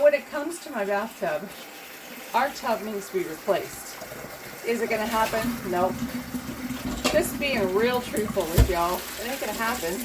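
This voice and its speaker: Middle-aged lady vlogging while doing dishes, kinda high voice, laughs a lot, water and pots clanking loud behind her. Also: background noise. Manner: chatty, laughs often, encouraging. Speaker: cleaning vlogger. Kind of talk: casual chat while cleaning. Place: home kitchen at the sink. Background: clattering dishes, pots and running water.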